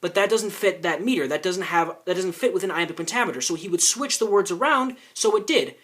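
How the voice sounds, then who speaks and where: A man's voice: high-pitched, expressive, fairly quick, a bit bright. Argumentative male commentator, explaining at length. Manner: explains at length, with frequent restarts and profanity. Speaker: commentator rebutting a clip.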